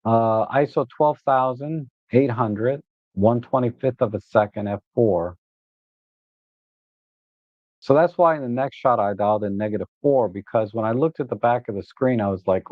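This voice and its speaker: A man's voice: medium pitch, moderate pace, dry recording. Man, photography host, casual rambling livestream chat, easily exasperated, narrow phone-like sound. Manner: chatty and rambling, with frequent "uh" and repeated starts; gets animated and exasperated when griping, with laughs. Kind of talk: casual livestream talk about his photos.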